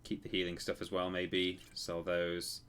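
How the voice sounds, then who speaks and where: A man's voice: low voice, monotone, a little slow, fairly bright tone, a little hiss or hum. A man casually commenting while he plays a game on a live stream, rambling and correcting himself as he tells stories. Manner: rambling, self-correcting storyteller.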